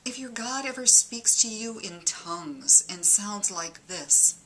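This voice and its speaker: Slow, bright-voiced Detroit woman. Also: medium pitch, expressive. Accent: Midwestern, Detroit. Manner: dry, mock-earnest warnings. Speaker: comic monologist. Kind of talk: deadpan comedic monologue.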